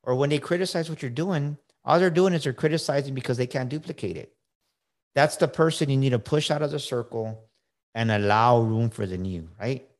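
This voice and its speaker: A man's voice: mid-range voice, brisk. Emphatic middle-aged man coaching on a podcast. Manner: emphatic, repeats words, frequent "right?". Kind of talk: casual motivational talk.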